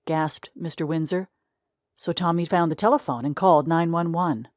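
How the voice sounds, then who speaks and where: A woman with a low voice narrating a short story in a measured, even manner. The recording is close and dry, with no room sound. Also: no room sound. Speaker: reader.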